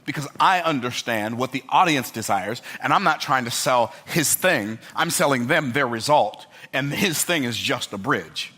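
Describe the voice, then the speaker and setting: This older motivational speaker has a husky, sharp, mid-range voice and talks animatedly at a moderate pace with few pauses. Addressing a live audience, he leans on emphasis and repetition in his stories and keeps checking in with listeners.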